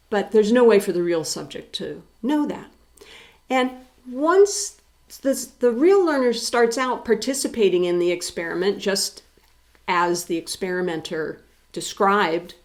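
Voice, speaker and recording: Woman, psychology professor, recorded lecture, explanatory with rhetorical questions. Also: mid-range voice.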